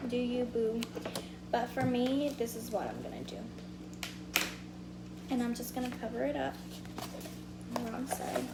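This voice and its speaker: This woman's voice is a little high and expressive, and she talks unhurriedly with long pauses while running a casual meal prep livestream in her home kitchen. She chats to her viewers and counts items out loud. The earpiece mic picks up an echoey room full of loud background noise.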